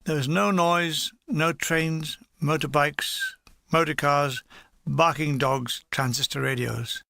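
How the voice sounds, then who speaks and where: Man reading a comic memoir, dry wit, bright edgy tone, dry close sound. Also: fairly high pitch, fairly even intonation, takes it slowly, creaky, dry recording. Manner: dry, playful storytelling. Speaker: audiobook reader. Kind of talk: reading a humorous war memoir aloud.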